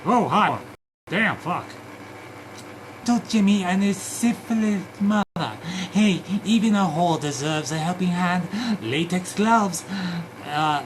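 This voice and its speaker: Profane ranting man streaming, slow-paced. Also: sits high, animated, a little hiss or hum. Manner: loud swearing rants, mutters to himself.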